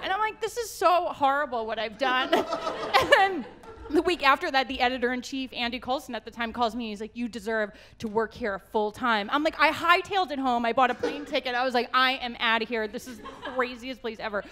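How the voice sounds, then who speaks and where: American woman, high voice, laughing storyteller, faint hiss, stage panel. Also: brisk, sharp tone. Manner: laughing storyteller, acts out quotes. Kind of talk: animated anecdote at a live panel. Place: auditorium stage.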